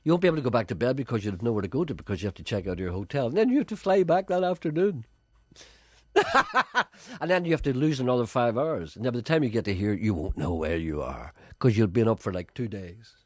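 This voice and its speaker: A man's voice: mid-range voice, expressive, fast, darkish tone, dry recording, studio quality. A man, a radio comedy presenter bantering playfully and teasing his partner.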